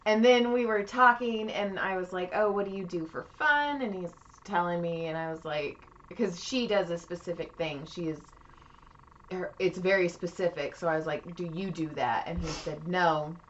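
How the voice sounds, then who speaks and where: A middle-aged woman co-hosting a podcast, telling stories in a casual, animated way and swearing freely. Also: lowish voice, normal speed, slight background noise. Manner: animated, swears freely, acts out quoted voices. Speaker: podcast co-host. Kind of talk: casual storytelling chat. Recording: muffled lo-fi podcast audio.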